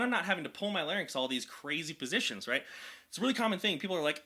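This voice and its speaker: A man talking casually as a vocal coach reacting to a song, chatty and excitable with lots of fillers. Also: a little high, quick pace. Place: indoor room at home.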